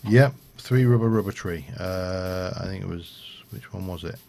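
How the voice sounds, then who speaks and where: A man's voice: low voice, moderate pace, creaky, darkish tone, a little hiss or hum. A man streaming a game, rambling and thinking aloud with lots of fillers as he plays. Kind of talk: casual gameplay commentary.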